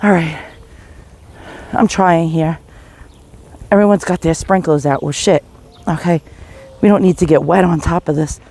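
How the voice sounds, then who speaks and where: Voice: mid-range voice, steady tone, a little slow, long pauses, darkish tone. Panicky, coughing vlogger. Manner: pleading, shaky, restless. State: panicky, coughing, short of breath. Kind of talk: confessional vlog filmed while walking. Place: outdoors on a residential street.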